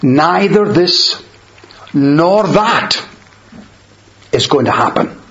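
Slow, measured man preaching a sermon. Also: a little high, expressive, a bit bright. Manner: measured, emphatic, slows on quoted verses. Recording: dull lo-fi sound in a roomy space.

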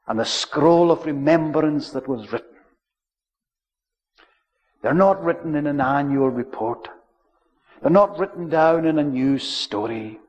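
Slow, solemn preacher in a church. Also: male voice, medium pitch. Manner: measured, solemn, drawing out key words. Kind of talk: sermon. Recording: dull lo-fi recording, long church reverb.

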